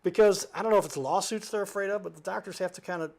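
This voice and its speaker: Animated man telling a rambling story. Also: high voice, very fast, creaky. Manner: animated, jumps between asides and self-corrections; laughs while he talks. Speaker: talk show host appearing as a guest.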